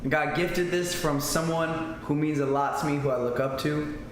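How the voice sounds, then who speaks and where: A man in his twenties hosting a casual livestream, teasing viewers playfully and reading out shoutouts. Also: on the high side, steady tone, normal speed. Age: 20s. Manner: hyped, playful, teasing, reads out chat shoutouts. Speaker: livestream host. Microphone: streaming mic. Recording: very echoey room, faint background hiss.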